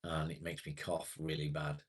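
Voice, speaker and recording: A man's voice: extremely low pitch, monotone, moderate pace, husky. A British man chatting casually and rambling to viewers on a livestream, swearing now and then. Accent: British English. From England. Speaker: live streamer.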